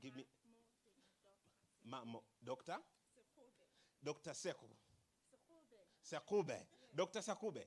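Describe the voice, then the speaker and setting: A man giving an energetic motivational speech to young people, calling out to the crowd and asking it questions. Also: mid-range voice, takes it slowly, long pauses, breathy edge. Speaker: motivational speaker. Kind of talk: live speech to a youth audience. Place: conference hall.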